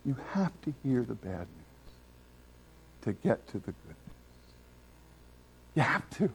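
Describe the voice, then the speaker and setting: A man preaching a sermon, emphatic, swinging between loud exclamations and quiet asides. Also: mid-range voice, very animated, slow, gravelly, breathy edge.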